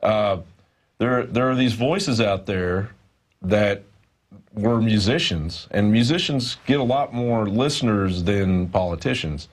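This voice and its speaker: A man with a fairly low voice speaks as a reporter on a studio news show. He talks in long, rambling stretches, pausing often on fillers as he works through his points. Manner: rambling, hesitant, many fillers.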